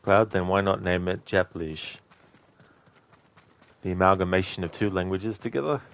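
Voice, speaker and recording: A man with a very low voice streams a game. He chats along casually and answers viewers, rambling between thoughts with many fillers. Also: steady tone, normal speed. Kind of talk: casual gaming commentary.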